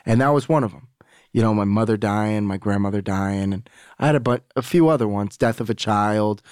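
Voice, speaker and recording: Speaking a little fast, this man has a lowish, clear, resonant and slightly mellow voice as he guests on a podcast. He tells a rambling, candid, profane story in casual conversation, acting out what others said, in a dry studio-quality recording.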